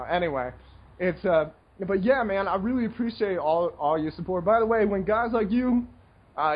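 Male podcast host, husky and animated, talks in loose rambling bursts; muffled lo-fi recording. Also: on the high side. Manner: excitable, rambling, laughs often. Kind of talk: casual chat.

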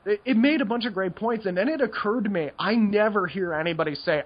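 A man's voice: sits high, fast, slightly rough. Rambling podcast man with a dull sound. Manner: rambling, laughs often, lots of "like". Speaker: podcast co-host, poker player. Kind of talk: casual chat.

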